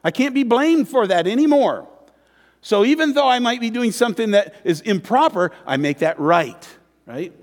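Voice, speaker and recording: Lively high-voiced man preaching. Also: normal speed. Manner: conversational preaching with tag questions; acts out quoted voices in dialogue. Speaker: pastor. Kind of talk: sermon. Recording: long hall reverb.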